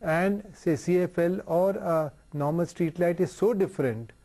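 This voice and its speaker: Company chairman on a studio link, high mellow voice, measured reasoning. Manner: measured, reasoning aloud with fillers. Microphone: remote studio link.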